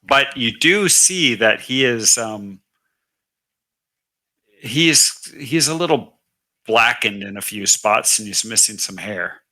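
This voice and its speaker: A man's voice: fairly low pitch, takes it slowly, pauses often, low-quality recording. A man narrating and explaining rules as dungeon master of a tabletop game. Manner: relaxed, explains rules step by step.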